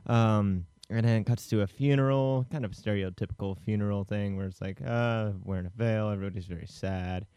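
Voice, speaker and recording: A man's voice: on the low side, a little fast, few pauses, mellow, smooth, dry recording. A man co-hosting a casual film podcast, retelling the plot in a rambling way with many fillers. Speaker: podcast co-host.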